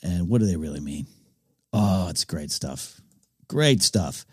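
Male podcast host, lower voice, dry booth sound, eager and rambling. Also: lively intonation, unhurried, slightly rough, dry recording. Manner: enthusiastic, rambling, with frequent restarts. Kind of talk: casual episode recap commentary.

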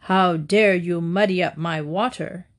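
Woman voicing a boastful male wolf, slightly lowered voice, slow, growling, storybook fable. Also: close to an everyday voice. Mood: bullying. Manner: proud, growling.

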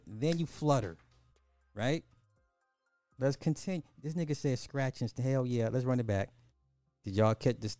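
A man's voice: medium pitch, a little mellow, no room sound. A man hosting a commentary podcast, reacting to clips in an exasperated way and repeating phrases for emphasis.

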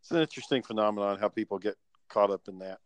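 A man's voice: on the low side, racing, smooth, no room sound. A man co-hosting a podcast in casual chat, laid-back and rambling, swearing freely. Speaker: podcast co-host.

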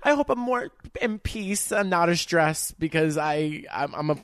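A man from Staten Island, a comedian guest on a podcast, talking in a self-deprecating, halting way with many restarts. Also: fairly high pitch, animated, fairly bright tone, dry recording, studio quality. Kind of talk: casual podcast chat.

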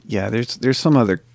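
A man's voice: mid-range voice, gravelly, a little mellow, no echo. A man co-hosting a casual podcast, talking bluntly and trailing off mid-sentence. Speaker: podcast co-host. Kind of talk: casual chat.

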